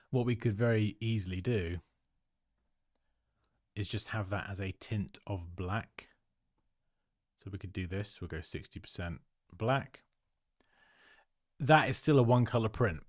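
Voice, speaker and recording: A man's voice: on the low side, measured pace, long pauses, no room sound, clean studio sound. A man hosts a livestream, giving chatty, upbeat feedback on viewers' design work and laughing often. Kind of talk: casual livestream commentary.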